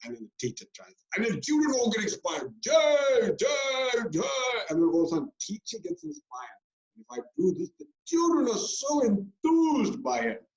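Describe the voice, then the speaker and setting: A swami spinning a lively spiritual talk. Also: male voice, high voice, fairly quick. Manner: lively storyteller who acts out people's voices. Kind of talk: spiritual discourse to a congregation. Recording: roomy, dull lecture recording.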